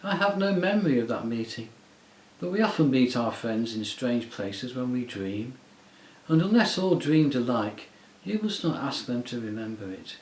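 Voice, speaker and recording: A man reading an audiobook, voicing a soft, soothing, half-mocking enchantress queen. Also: medium pitch, expressive, normal speed, echoey room, natural voice, rough recording. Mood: coaxing. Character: silky, coaxing enchantress queen, woman. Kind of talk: audiobook character voice.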